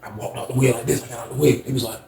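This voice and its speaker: Gravelly man telling a storytime. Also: medium pitch, steady tone, rapid-fire, reverberant, a crowd in the background. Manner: slangy, addresses viewers, acts out scenes. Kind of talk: casual storytime.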